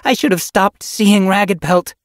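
A man doing a grieving female medicine cat in a storybook reading, her voice pitched well above his own and slightly husky. She snarls and pleads, raw with anguish, in a dry close recording. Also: expressive, moderate pace, dry recording. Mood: demanding. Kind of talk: audiobook character voice.

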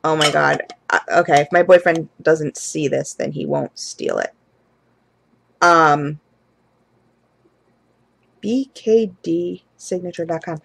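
A woman's voice: low-pitched, slow, creaky, long pauses, slightly rough, dry recording, poor audio. A woman gushing through an unboxing vlog, effusive and chatty as she talks straight to her viewers, at times near tears. Her voice is close and dry, with little room sound around it. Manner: chatty, addresses viewers as guys. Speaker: candle and wax hobby vlogger.

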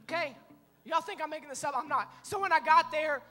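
High-voiced pastor in a reverberant church. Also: male voice, a little fast, soft background music. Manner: animated storytelling, acting out scenes, bursts of shouting. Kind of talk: sermon. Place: church sanctuary. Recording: long reverb of a church hall.

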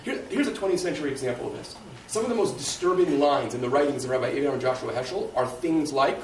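A man's voice: mid-range voice, lively intonation, fast, hardly any pauses. A man giving a lecture and answering audience questions, thinking aloud in a conversational way and often checking in with "right?". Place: lecture room. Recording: echoey room, distant mic, faint hiss.

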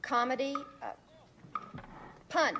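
A woman playing a game show as a celebrity contestant, excitable and comically protesting. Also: sits high, takes it slowly. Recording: 1960s TV broadcast with loud hiss and studio audience.

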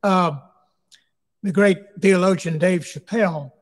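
A man's voice: high voice, unhurried. A middle-aged man, a bishop, speaking at a church community forum in an earnest, anecdotal preacher's way. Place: church hall. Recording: long echo of a large hall.

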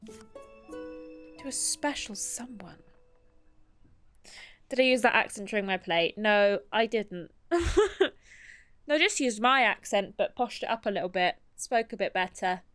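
A woman's voice: medium pitch, lively intonation, moderate pace, a bit bright, clean tone, dry recording, faint music behind. A woman streaming a game, chatting casually, self-mocking and reading game text aloud. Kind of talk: casual gameplay commentary.

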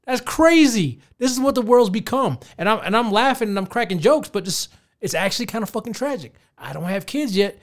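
Podcast host, man, thirties, high register, casual profane rant delivered straight to listeners. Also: lively intonation, brisk. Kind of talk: casual ranting commentary.

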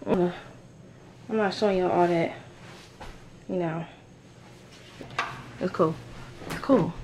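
A chatty, excitable young woman from Detroit giving a casual vlog tour of her new apartment, talking straight to her viewers and swearing freely. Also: a little high, echoey room, a little hiss or hum. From Detroit, USA. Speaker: vlogger. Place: new, mostly empty apartment indoors.

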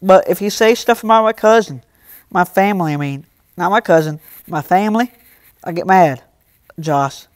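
A man's voice: high-pitched, moderate pace, dry recording, studio quality. A young man live streaming, reading and answering his chat in casual talk, scolding some viewers and joking with others. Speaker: livestreamer.

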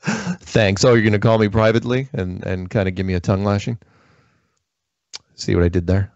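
Low gravelly joking male host. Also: fairly quick, darkish tone, no room sound, dull audio. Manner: joking, rambling, laughs often. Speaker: call-in show host. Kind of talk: casual call-in chat.

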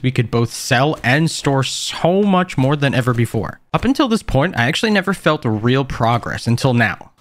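A man playing a zombie survival game and narrating it, excitable, shouting and squealing when startled, laughing at himself. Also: medium pitch. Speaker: gaming YouTuber. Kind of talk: game commentary with recorded narration.

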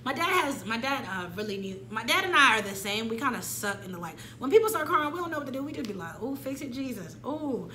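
A woman in her twenties telling a candid personal story in an animated, slangy way, acting out her own past lines. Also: on the high side, quick pace, few pauses, reverberant, a crowd in the background. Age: 20s. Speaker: vlogger.

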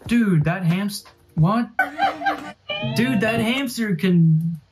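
A woman's voice: medium pitch, very slow, music in the background. A woman hosting a reaction video, casually commenting on funny clips with exclamations and chatty asides.

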